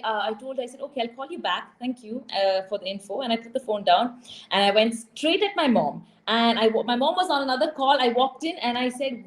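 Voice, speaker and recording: A young woman from India, a TV presenter, telling her story as an interview guest in an animated, emotional way, acting out quoted dialogue. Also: high voice, brisk, low-quality recording.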